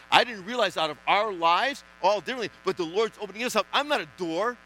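A man with a high, bright and forceful voice preaches a sermon in church. He is emphatic, dropping to near-hushed lines and then rising loud, with a faint hum behind him. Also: expressive, quick pace, rough recording. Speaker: pastor.

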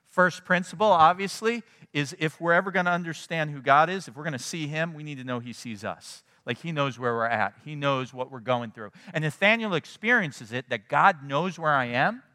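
A man preaching a sermon in a conversational, animated way, often checking in with his listeners. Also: fairly high pitch, moderate pace, few pauses, long reverb tail. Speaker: pastor.

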